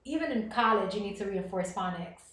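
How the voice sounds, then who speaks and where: A woman streaming live, chatting casually with viewers and reading their comments aloud, animated and quick to laugh. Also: medium pitch. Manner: animated, laughs often, reads chat aloud. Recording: roomy echo.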